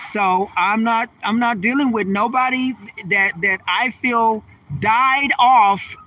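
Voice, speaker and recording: Sassy high-voiced man vlogging outdoors. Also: pushed and bright. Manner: sassy, calls viewers honey and baby, drawn-out emphatic phrases. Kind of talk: casual walking vlog talk to viewers. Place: outdoors on a street. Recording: distant mic, faint street noise.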